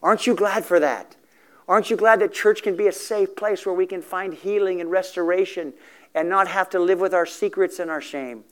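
A man's voice: sits high, fairly even intonation, normal speed, clean tone. A middle-aged man telling a story in a sermon for a recovery ministry, earnest and emotional, acting out the dialogue.

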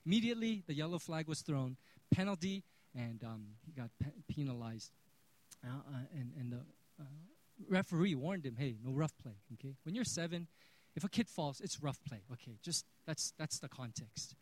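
Man preaching, hushed then loud. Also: fairly high pitch, lively intonation, normal speed, low-quality recording. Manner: storytelling, swings between hushed and loud. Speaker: pastor. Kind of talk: sermon.

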